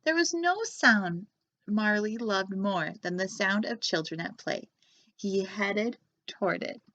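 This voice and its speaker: A woman, a children's librarian, reading a picture book aloud with animated, expressive storytelling. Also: mid-range voice, takes it slowly. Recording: dull lo-fi sound.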